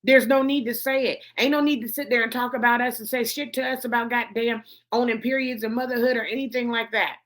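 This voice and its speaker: A woman's voice: fairly high pitch, steady tone, fairly quick, few pauses, fairly bright tone. A woman host giving blunt, profane commentary to camera, swearing heavily and repeating her points for emphasis. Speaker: host of a gossip commentary show.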